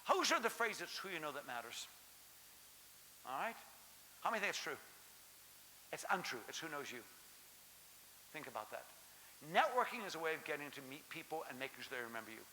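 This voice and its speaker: A middle-aged man giving a lively conference keynote, joking and quizzing the audience. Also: on the high side, fairly quick, long pauses. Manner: animated, jokey, quizzes the audience. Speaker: keynote speaker. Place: large lecture hall. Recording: hissy hall reverb.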